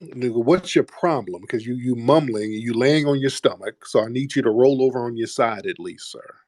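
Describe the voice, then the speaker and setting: A man's voice: medium pitch, brisk, a little mellow, dry recording. A man hosting a call-in talk show, speaking bluntly and mocking callers. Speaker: host.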